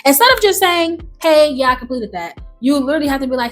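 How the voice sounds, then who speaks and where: A young woman chatting casually to the camera while doing a puzzle, animated, swearing freely and jumping to sudden high exclamations. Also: fast, few pauses, faint music behind. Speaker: vlogger.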